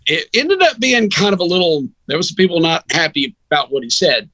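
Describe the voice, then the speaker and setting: A man, a sports radio announcer, telling a long story in an animated, chatty way as a podcast guest. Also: fairly high pitch, a little fast, few pauses, dry recording, low-quality recording. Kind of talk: casual storytelling.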